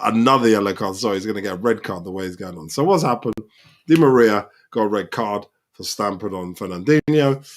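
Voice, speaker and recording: A man hosting a live football reaction, talking over the match and calling out the players. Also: on the low side. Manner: excitable, shouts at players on screen.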